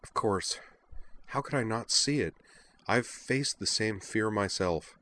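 A man's voice: lowish voice, takes it slowly, bright, forceful tone, pitched above the performer's own voice. A man doing a fiery, scolding young woman. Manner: heated, scolding. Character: angry, forceful young woman confronting a friend.

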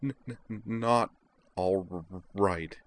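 A man's voice: sits low, very slow, exaggerated voice. A man doing a stammering, frightened girl. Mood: miserable. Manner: heavy stutter, small hushed voice. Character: frightened, miserable stammering young woman.

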